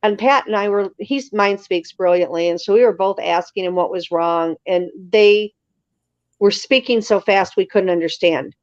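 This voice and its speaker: A woman telling stories as an interview guest in a casual, lively way, acting out other people's lines. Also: mid-range voice, moderate pace, no echo. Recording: slightly dull lo-fi sound.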